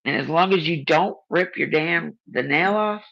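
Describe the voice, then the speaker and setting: A woman's voice: deep voice, normal speed, gravelly, fairly bright tone, lo-fi sound. A woman hosting a casual video chat, talking bluntly, swearing freely and teasing her friend. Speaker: channel host.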